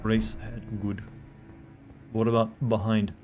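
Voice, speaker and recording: A male game streamer from the American South, talking casually and swearing freely. He chats with his viewers in a relaxed, offhand way while he plays. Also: on the low side, slow pace, over music. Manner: loose and profane, chatting with viewers while playing. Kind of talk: casual livestream commentary.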